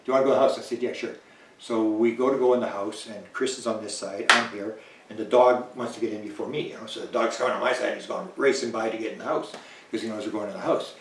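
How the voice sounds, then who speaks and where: A man guest in an interview telling a long anecdote in a lively way, acting out the lines of people he quotes and chuckling now and then. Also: lowish voice, fast talker, a little hiss or hum. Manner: animated, chuckling, acts out quoted dialogue. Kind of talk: anecdotal storytelling in conversation. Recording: roomy, distant mic.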